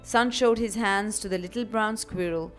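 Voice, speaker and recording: A woman narrating a scripted children's story for a radio program, in an expressive, animated storytelling manner. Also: mid-range voice, normal speed. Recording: faint background music.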